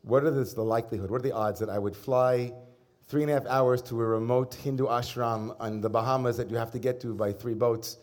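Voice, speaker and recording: A middle-aged man preaches as a rabbi, easing into his sermon through a relaxed personal story. His delivery is conversational and lightly humorous, with a voice of middling pitch. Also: a little fast, hardly any pauses.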